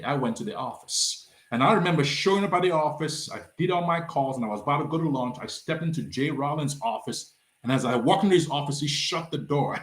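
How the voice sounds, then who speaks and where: Animated Nigerian-born man telling a story. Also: roomy sound. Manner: lively, acts out quoted dialogue with big swings in pitch. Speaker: nonprofit founder, guest. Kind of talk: animated storytelling in a podcast interview.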